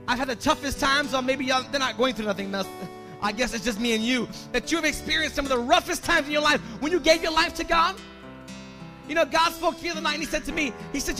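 Male pastor, very high bright voice, storytelling sermon that builds to loud preaching, faint music under it. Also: quick pace, long reverb tail. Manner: shifts from quiet storytelling to loud, rising preaching.

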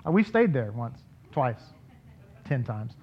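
A man's voice: medium pitch, very animated, slow pace. A man, a rabbi, teaching Torah to his congregation in a casual, digressive way, often acting out the people he quotes. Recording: dull lo-fi recording.

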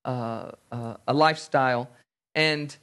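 A man preaching a sermon, animated, acting out little everyday scenes in different voices. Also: medium pitch, takes it slowly. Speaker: pastor.

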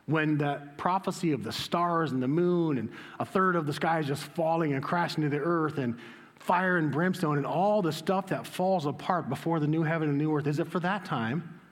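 Guy pastor preaching, kinda high voice, gets loud and animated, big echoey church hall. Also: normal speed. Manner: animated, voice jumps high when quoting Jesus. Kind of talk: sermon.

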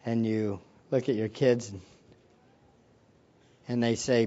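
A man preaching a sermon as pastor, dramatic, swinging from loud outbursts to hushed asides and repeating words as he restarts. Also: mid-range voice, steady tone, slow pace, long pauses, lo-fi sound.

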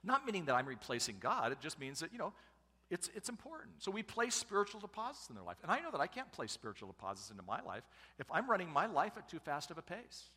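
A middle-aged man preaches to a congregation in a relaxed, joking, conversational way. His voice rises and falls a great deal, and his tone is bright and forceful. A long reverb from a large church hall trails behind each phrase. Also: fairly high pitch, fast, breathy edge. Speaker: pastor and family speaker. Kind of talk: sermon.

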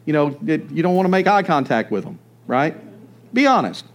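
A man preaching a sermon, telling the story with animated storytelling. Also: a little high, a little fast. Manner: animated storytelling, acts out voices. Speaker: pastor.

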